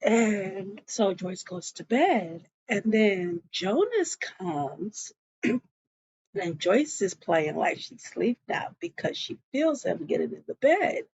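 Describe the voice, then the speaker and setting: A woman casually recapping a TV episode, animated and chatty, talking straight to her viewers. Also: mid-range voice, takes it slowly, vocal fry, slightly rough, lo-fi sound. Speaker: show recap vlogger.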